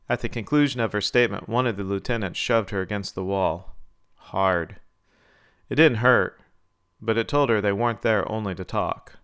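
A man narrating a scripted story in a steady, measured reading. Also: fairly low pitch, clear, resonant tone.

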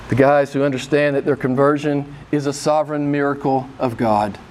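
A man's voice: medium pitch, fairly even intonation, normal speed, darkish tone, a little hiss or hum. A man preaching a sermon in a church, impassioned and emphatic, repeating his phrases. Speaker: pastor.

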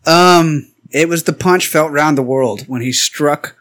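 A man's voice: fairly high pitch, unhurried, a bit bright. Laughing, goofy man joking around. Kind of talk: casual joking banter.

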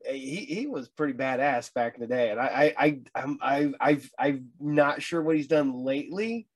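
A man's voice: medium pitch, normal speed. A middle-aged man hosting a casual chat, stammering and restarting as he tells stories and acts out what people said. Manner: chatty storyteller, stammers and restarts, acts out quoted voices. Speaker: host.

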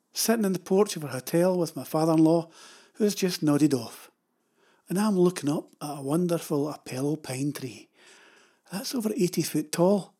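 Breathy at the edges and a little mellow, this high voice belongs to an older storyteller from Scotland. He wanders through wry, chatty anecdotes about his travels, digressing as he goes.

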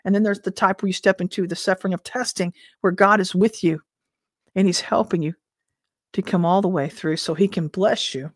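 A woman teacher and minister giving informal prophetic teaching in a conversational way, full of rhetorical questions and an occasional throat clearing. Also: mid-range voice, steady tone, brisk, no echo, clean studio sound.

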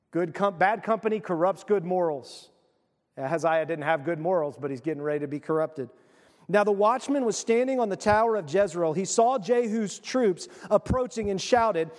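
A man's voice: high-pitched, a little mellow, big-room sound. A male pastor giving a conversational sermon, retelling a story with casual asides.

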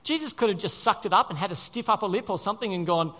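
High, lively-voiced male preacher. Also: quick pace. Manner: earnest, repeats phrases for emphasis, asks the congregation questions. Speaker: pastor. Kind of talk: sermon.

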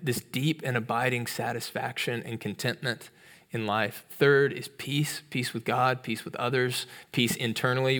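A man delivers a sermon to a church congregation. His pitch sits in the middle of the range. He keeps the tone conversational, often restarting phrases and checking in with a quick "right?". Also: fairly bright tone. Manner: conversational, with frequent restarts and tag questions; acts out storybook voices in a higher pitch. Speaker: pastor.

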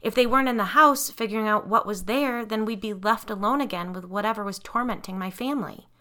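A woman's voice: mid-range voice, brisk, pushed and bright, pitched above the performer's own voice, natural voice. A woman voicing a desperate mother who demands and argues angrily.

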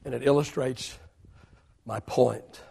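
A man in his fifties preaching a sermon to a church, swinging between loud declarations and hushed whispers. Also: mid-range voice, fairly even intonation, slow, creaky, slightly rough. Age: 50s. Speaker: pastor.

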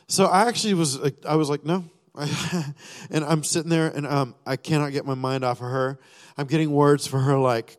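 During a sermon, a man shares his personal testimony, rambling with lots of fillers and restarts while acting out his own thoughts and prayers. His voice is on the high side at a moderate pace, carried by the long reverb of a large hall.

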